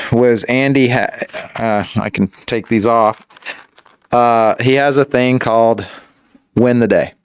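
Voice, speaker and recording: A man as a podcast guest in casual conversation, earnest and talking in halting, repeated starts. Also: medium pitch, smooth, no room sound, clean studio sound.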